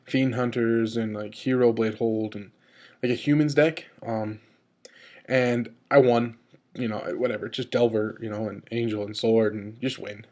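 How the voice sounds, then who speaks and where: A man vlogging an unscripted rant to camera, rambling with lots of "like" and "you know" and jumping up in pitch as he gets annoyed. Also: fairly even intonation, unhurried, darkish tone. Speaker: video blogger.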